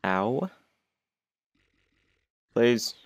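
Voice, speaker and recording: A young gaming YouTuber chats and jokes over his own gameplay, whining and mocking himself as he plays. His medium-pitched voice has lively intonation but moves very slowly, and the recording is dry.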